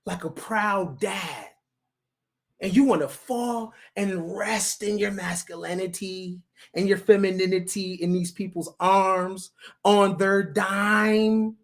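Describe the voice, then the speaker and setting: A man's voice: high voice, flat delivery, slow. A man hosting a provocative commentary, talking bluntly and lecturing his viewers. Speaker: host.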